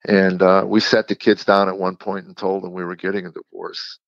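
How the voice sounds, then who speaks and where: A man, a comedian guest on an interview show, telling a candid personal story in a halting, reflective way with frequent restarts. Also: sits low, little pitch movement, vocal fry, dry recording. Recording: dull lo-fi sound.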